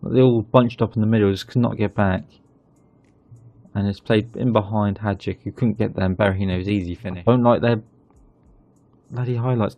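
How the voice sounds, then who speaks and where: Male gaming host, gravelly and mellow, dry close sound, chatty commentary. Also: fairly low pitch, normal speed, long pauses, no echo. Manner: chatty, excitable when goals go in. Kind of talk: casual game commentary.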